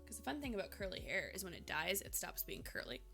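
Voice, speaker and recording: Young woman streamer, from Minnesota, bright voice, rambling casual chat, faint music behind. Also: medium pitch, sing-song, fast, vocal fry. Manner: chatty, rambling, many fillers.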